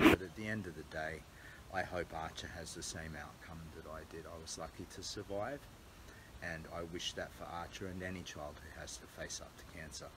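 An Australian man with a very low voice chats on a phone livestream, candid and earnest as he rambles from thought to thought. He is recorded in a small cabin through earbuds or the phone's own mic. A faint ambient hiss sits behind him. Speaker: charity walker livestreaming. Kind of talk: casual livestream vlog. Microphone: earbud mic, then phone mic.

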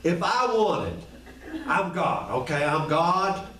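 A man's voice: high voice, expressive, slow, sharp tone. A man preaching an informal sermon in a colloquial way, asking the congregation question after question. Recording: echoey room, voice from far off the mic.

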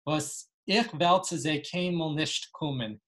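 A calm, learned old wizard headmaster, read aloud by a woman in slow, deliberate phrases. His speech is unhurried and even. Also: sits low. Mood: measured. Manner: slow deliberate reading of quoted Yiddish dialogue.

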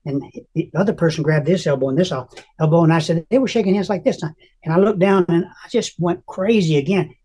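An older man with a husky, breathy voice recounts a personal faith testimony as an interview guest. He tells it earnestly and with deep emotion, acting out the lines he quotes. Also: a little fast, dark tone. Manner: emotional, earnest storyteller who acts out quotes.

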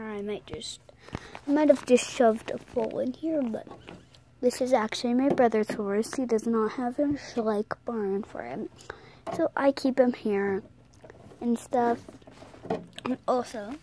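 Slow, soft-spoken girl touring her toys. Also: a little high, a little hiss or hum, low-quality recording. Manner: rambling, self-correcting, apologetic; often drops to a whisper. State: losing her voice. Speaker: toy horse collector showing her setup. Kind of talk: casual vlog tour.

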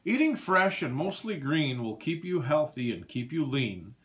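A man doing a gentle, patient farm tractor from a picture book, raised a little above a plain speaking voice and swinging through a lively, sing-song range. He explains things to the farm animals calmly, like a wise old friend. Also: a little high, measured pace. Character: kindly wise big red farm tractor.

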